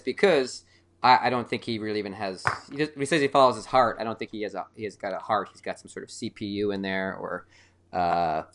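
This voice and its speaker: A man's voice: on the low side, a bit bright. Rambling, joking male podcast host. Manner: rambling, joking, many fillers. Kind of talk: casual chat.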